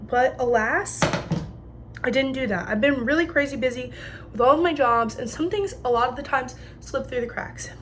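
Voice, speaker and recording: A woman's voice: sits high, normal speed, slight background noise. A woman in her twenties from New Jersey telling stories in a chatty, slangy way while she cooks in her home kitchen. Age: 20s. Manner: chatty, slangy, animated retelling. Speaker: vlogger. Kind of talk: casual storytelling while cooking.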